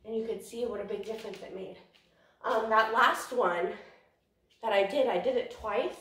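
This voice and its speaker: A woman's voice: fairly high pitch, normal speed, fairly bright tone, recorded from a distance. A breathless young woman explains dog training in a chatty, rambling way. She sounds like she's standing back from the mic in a very echoey room. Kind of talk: casual training lesson.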